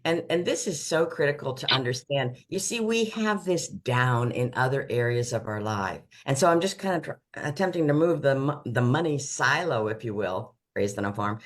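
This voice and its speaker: Woman financial advisor, chatty explainer who leans on folksy analogies and restarts her sentences. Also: low-pitched. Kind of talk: casual conversational explanation.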